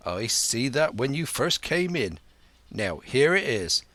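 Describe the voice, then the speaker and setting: A man's voice: medium pitch, very animated, slow pace, bright, forceful tone, dry recording, exaggerated voice. A man voicing an older, crafty one-legged pirate cook who blusters in thick sea slang, for an audiobook. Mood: wheedling.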